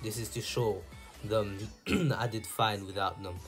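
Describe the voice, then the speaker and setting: A man's voice: fairly low pitch, fairly even intonation, unhurried. A man voicing a stern, defiant teenage ninja boy, reading with stumbles and restarts, with faint music behind. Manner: stumbling over words while reading.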